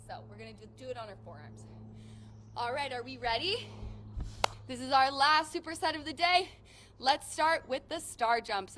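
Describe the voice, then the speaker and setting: A woman's voice: sits high, background noise. A young woman coaching a workout class, upbeat and encouraging, counting reps aloud while out of breath. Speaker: fitness instructor.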